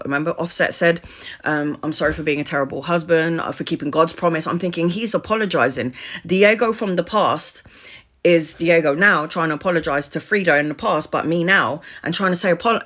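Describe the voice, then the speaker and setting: A middle-aged woman who makes spiritual content tells her viewers a personal story in a candid, chatty way, laughing often and swearing freely. Her voice is deep, brisk and a bit bright.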